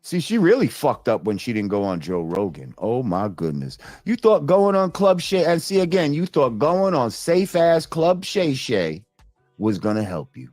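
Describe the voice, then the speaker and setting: A man hosting a live stream, reading viewer comments and ranting with heavy profanity, jumping between loud outbursts and low mutters. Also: normal speed, dry recording, clean studio sound, soft background music. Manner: animated, swings between loud rants and mutters. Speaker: livestream host reading chat.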